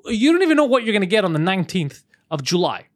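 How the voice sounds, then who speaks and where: A man's voice: sits high, sing-song, fast talker, dry recording, clean studio sound. A man co-hosting a podcast, reading news aloud in loose, joking banter and swearing freely. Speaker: podcast co-host.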